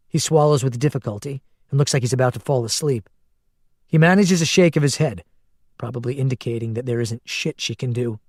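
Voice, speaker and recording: A man's voice: mid-range voice, a little fast, a little mellow, no room sound. Male audiobook narrator, dry close sound. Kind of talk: scripted narration.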